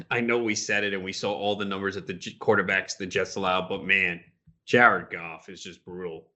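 A man co-hosting a casual sports talk show, frustrated and animated, retelling his conversations with friends. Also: low-pitched, moderate pace, slight background noise. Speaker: sports podcast co-host.

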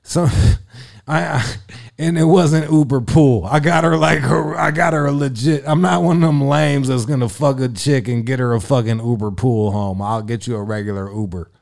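A young man in casual chat, telling crude, boastful stories with loud bursts. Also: medium pitch, steady tone, normal speed, gravelly. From Italian heritage.

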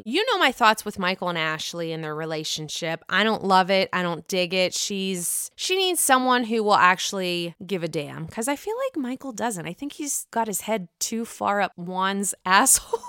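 A woman's voice: medium pitch, sing-song, normal speed, pushed and bright, smooth, no echo, clean studio sound. A woman casually recapping a reality show episode, sassy and profane, acting out what the cast members said.

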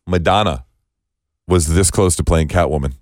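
Low-voiced guy cohosting a chatty podcast, tosses out trivia all excited, dry mic. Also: moderate pace, no echo. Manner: animated, sharing trivia with playful disbelief. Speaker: podcast co-host. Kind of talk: casual chat.

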